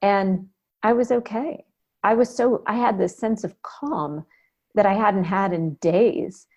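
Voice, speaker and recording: Recorded with lo-fi sound, this medium-pitched, darkish female voice moves slowly. The speaker, a woman in her fifties guesting on a podcast, looks back on a personal experience and performs what others said. It comes across as thoughtful, lively storytelling full of quoted speech.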